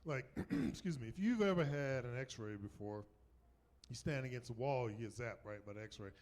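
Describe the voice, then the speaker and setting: A middle-aged man from the South, performing a stand-up comedy set on a club stage and jumping into high mocking voices for the people he quotes. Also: expressive, moderate pace, darkish tone. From Southern United States.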